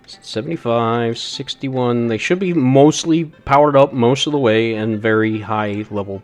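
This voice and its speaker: Male gaming streamer, casual self-deprecating chatter, animated intonation, faint game music underneath. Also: medium pitch. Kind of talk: casual live-stream commentary.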